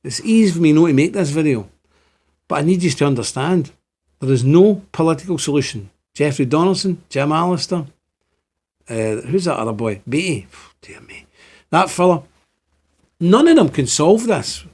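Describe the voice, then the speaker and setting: A man's voice: a little high, lively intonation, normal speed, pauses often, darkish tone, slightly rough. A man in his fifties with a Northern Irish accent tinged by Scotland, giving an impassioned, repetitive monologue to camera. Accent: Ulster Scots-tinged Northern Irish. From Northern Ireland. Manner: impassioned, repetitive, rising to exclaim.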